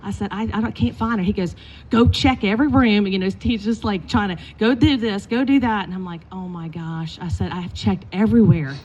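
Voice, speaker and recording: A middle-aged woman, a basketball coach, telling lively stories in a eulogy and acting out the quotes. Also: mid-range voice, a little fast, few pauses. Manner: animated storytelling with acted quotes. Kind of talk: eulogy with storytelling. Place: indoors at a funeral gathering.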